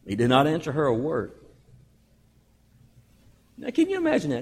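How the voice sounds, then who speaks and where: A male pastor preaching a sermon, with emphatic delivery that swings between loud stresses and hushed, drawn-out phrases. He often addresses the congregation as beloved. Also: fairly high pitch, wildly swooping pitch, breathy edge, long reverb tail.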